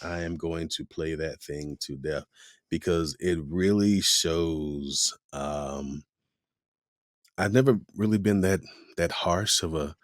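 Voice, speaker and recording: A man's voice: deep voice, takes it slowly, no echo, studio quality. A man, a voice actor, chatting casually in an interview and acting out quoted voices as he talks. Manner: animated, acts out quoted voices. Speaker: voice actor guest.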